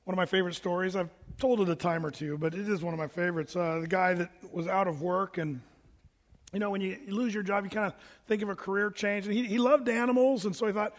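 A high-voiced male pastor teaching scripture in a chatty, animated way. He reads verses and tells jokes like a storyteller. His voice rings out with a long reverb in a church hall. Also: quick pace. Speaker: pastor teaching a Bible study. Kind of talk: conversational verse-by-verse sermon.

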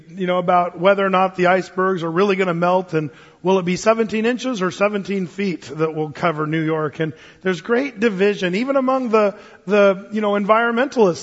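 A male pastor with a high voice preaches a Wednesday-night-style sermon, animated and enthusiastic, slipping in fillers and chuckles. The sound is dull and muffled, with a long reverb trailing off the church walls.

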